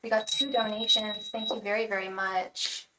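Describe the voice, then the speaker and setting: A woman's voice: mid-range voice, little pitch movement, normal speed, distant mic, noisy background. A woman who reads tarot on a livestream, chatting casually and encouragingly to viewers, repeating words and using many fillers. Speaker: tarot reader and psychic on a livestream. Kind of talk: casual chat to live viewers. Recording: roomy echo, voice away from the mic.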